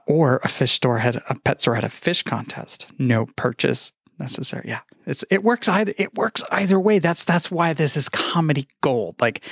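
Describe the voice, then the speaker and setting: A man recording a casual podcast message, telling groan-worthy puns in a deadpan, self-mocking way and swearing now and then. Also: a little high, no room sound, studio quality. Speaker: podcaster sending a tribute.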